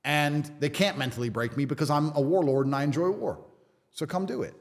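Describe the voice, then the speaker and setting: A man's voice: fairly high pitch, a little fast, big-room sound. A man in a casual podcast conversation, talking in a defiant, emphatic way and swearing freely. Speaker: podcast guest.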